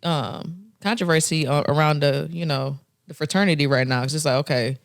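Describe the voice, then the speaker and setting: A young woman co-hosting a podcast, telling stories in an animated, profane way. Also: low voice, brisk, gravelly. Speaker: podcast co-host. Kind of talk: casual podcast storytelling. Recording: audible background noise.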